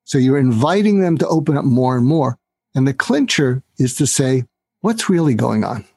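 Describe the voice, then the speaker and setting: A man's voice: medium pitch, lively intonation, moderate pace, mellow, breathy edge, no echo. A man talking as a guest author in an interview, explaining a sales technique step by step in an instructive way. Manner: instructive, acts out quoted dialogue.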